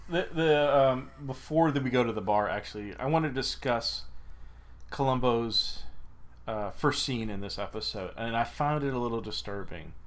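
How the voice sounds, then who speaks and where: A man's voice: medium pitch, normal speed. A man co-hosting a podcast in casual chat, rambling with frequent laughs. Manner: rambling, many fillers and restarts, laughs while talking. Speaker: podcast co-host.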